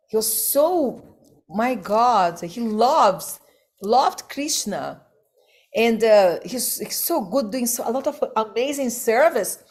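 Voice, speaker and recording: Slow, emphatic woman giving a devotional class. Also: mid-range voice, darkish tone. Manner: slow, emphatic, rhetorical questions, non-native phrasing. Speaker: spiritual teacher.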